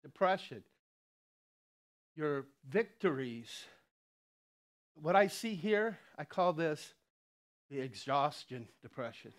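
A man's voice: on the high side, expressive, slow pace, pauses often. A man preaching a sermon in a conversational way, with frequent chuckles and asides. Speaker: lay preacher.

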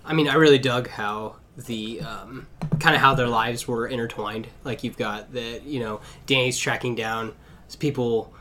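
A man's voice: medium pitch, fairly even intonation, measured pace, background noise. A man hosting a casual podcast chat, enthusiastic and often laughing. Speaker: podcast host.

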